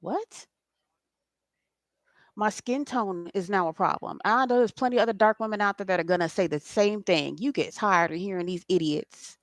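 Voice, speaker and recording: A woman's voice: mid-range voice, a little fast, hardly any pauses, dry recording, studio quality. A woman, hosting a spiritual late-night talk in an impassioned, preachy way and swearing freely. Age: 40s. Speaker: spiritual host.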